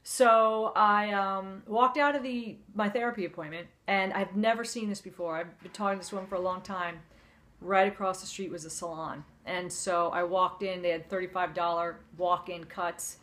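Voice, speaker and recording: A woman's voice: mid-range voice, fairly even intonation, moderate pace, fairly bright tone. A woman talking to camera in a candid, heartfelt, conversational way, with plenty of fillers. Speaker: vlogger. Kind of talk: candid personal storytelling to camera.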